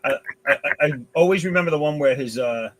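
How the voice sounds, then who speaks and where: A man in casual livestream chat, halting and repeating words as he recalls things. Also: a little high, a bit bright, rough recording. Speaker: panelist on a livestream.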